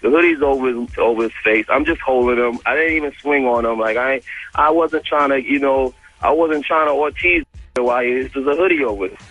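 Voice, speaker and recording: On a radio interview, a male guest tells a story in casual, profane slang, animatedly acting out the dialogue. His voice is medium-pitched and fairly quick, and the audio sounds dull.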